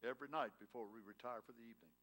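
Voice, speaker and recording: A male pastor delivers a sermon in a church sanctuary. His voice sits at an ordinary middle pitch for a man, but his loudness swings widely between emphatic declarations and hushed, intimate passages. He keeps drawing in the congregation with pointed questions. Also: racing. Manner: swings between loud emphatic lines and hushed tender ones.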